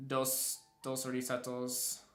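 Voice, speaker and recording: A man's voice: mid-range voice, monotone, takes it slowly, soft background music. A young man streaming a game, chatting casually and rambling with many restarts and chuckles. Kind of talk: casual live-stream chat while gaming. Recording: roomy echo.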